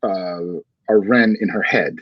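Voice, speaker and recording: Male host, husky, dry dull recording, rambling questioner. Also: low voice, no room sound. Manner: long-winded, halting, many fillers. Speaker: interviewer. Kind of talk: livestreamed bookshop conversation.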